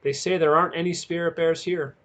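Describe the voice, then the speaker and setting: A man's voice: fairly high pitch, steady tone, brisk, a bit bright, close to an everyday voice. A man reading aloud and voicing a bruised, remorseful teenage boy who speaks in an earnest, pained and sincere way. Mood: calm gentle.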